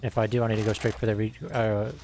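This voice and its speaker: Swearing low-voiced gamer man. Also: level tone, fast, a little mellow. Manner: muttering, swearing, thinking aloud. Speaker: gaming streamer. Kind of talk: casual gameplay commentary.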